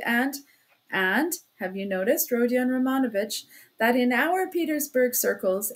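A woman voicing a chatty, fussy middle-aged male investigator who rambles excitably in a fawning way. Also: fairly high pitch, lightly acted.

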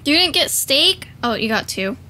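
A woman's voice: sits high, sing-song, moderate pace, sharp tone. A woman chatting while gaming, coaching her partner and teasing her with frequent laughs. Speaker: gamer. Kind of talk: casual let's-play chat.

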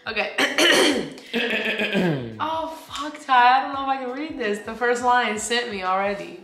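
Woman vlogger, bright forceful voice, gushing and excitable, lots of laughter, recorded in a roomy echoey room. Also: fairly high pitch, a little slow. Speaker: vlogger opening birthday gifts. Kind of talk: casual chat to camera.

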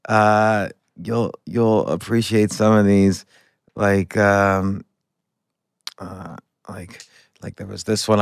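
A man's voice: fairly low pitch, clean tone, no echo, studio quality. A middle-aged man hosting a podcast, telling a story in a rambling, self-correcting way. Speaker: podcast host. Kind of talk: casual conversational interview.

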